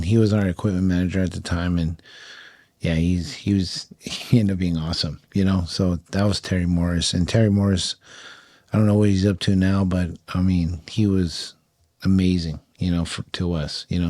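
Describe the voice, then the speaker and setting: Middle-aged guy from california, low mellow voice, chatty, dry mic. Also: steady tone, moderate pace, dry recording. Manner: chatty, laughs often, many fillers. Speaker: podcast guest. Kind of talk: casual storytelling.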